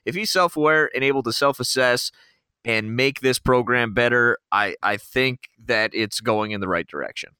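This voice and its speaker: Man, sports podcast co-host, crisp bright voice, dry close sound, earnest. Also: medium pitch, moderate pace, no echo. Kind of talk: casual sports podcast chat.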